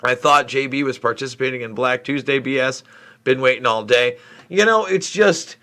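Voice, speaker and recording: A man's voice: mid-range voice, normal speed, pushed and bright. A middle-aged man from New York State hosting a live question-and-answer stream, talking in a frustrated, rambling way as he answers viewers' comments. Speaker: livestream host. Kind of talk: live Q&A stream reading chat.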